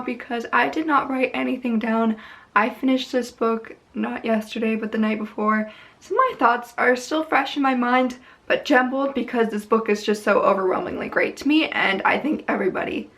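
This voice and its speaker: A young woman speaks on her book vlog in a slightly high voice. Her talk is emotional and rambling, and she gushes with enthusiasm. She has a casual, chatty delivery into the camera mic. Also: fairly bright tone. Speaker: book vlogger.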